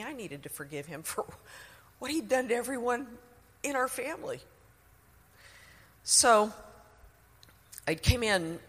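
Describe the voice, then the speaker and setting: A woman's voice: fairly low pitch, fairly bright tone, breathy edge, long reverb tail. A middle-aged woman sharing a personal testimony in an earnest, emotional way.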